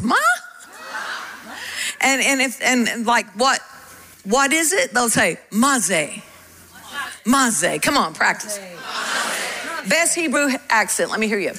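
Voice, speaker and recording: A woman preaching a sermon, animated and coaxing the congregation to join in. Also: mid-range voice, rough recording. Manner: animated, coaxes the congregation to repeat.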